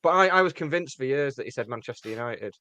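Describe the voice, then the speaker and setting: A man's voice: medium pitch, animated, pushed and bright, no echo. A man, co-hosting a fan podcast in jokey, rambling casual chat. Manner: jokey, rambling, quick asides. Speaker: podcast co-host. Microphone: podcast mic.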